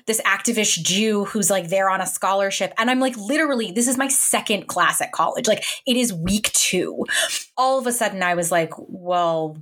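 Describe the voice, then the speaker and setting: A woman in her forties co-hosting a podcast, telling stories animatedly in casual chat with lots of "like". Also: lowish voice. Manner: animated storytelling, frequent "like". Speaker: podcast co-host.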